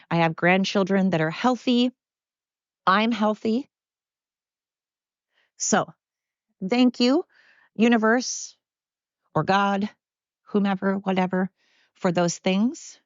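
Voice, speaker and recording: A woman's voice: mid-range voice, no echo, muffled recording. An older woman hosting a solo podcast from home, ranting bluntly and sarcastically with plenty of profanity. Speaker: podcast host.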